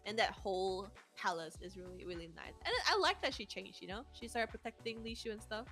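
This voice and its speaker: A woman's voice: medium pitch, a little fast, fairly bright tone, soft background music. A woman co-hosting a casual podcast, talking eagerly about an anime and laughing along. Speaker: podcast co-host.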